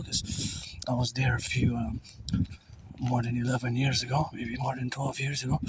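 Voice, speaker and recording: Rambling man, distant, noisy street. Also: mid-range voice. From Quebec, Canada. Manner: repetitive, drifting, mutters asides under his breath. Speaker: vlogger. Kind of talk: rambling walking monologue. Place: outdoors on city streets.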